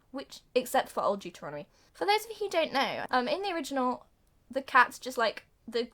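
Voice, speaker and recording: A woman's voice: medium pitch, a bit bright. A young woman reviewing a film in a casual, giggly way, often laughing and bursting into sung snippets. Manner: giggly, breathless retelling with sung bits and quick voice changes.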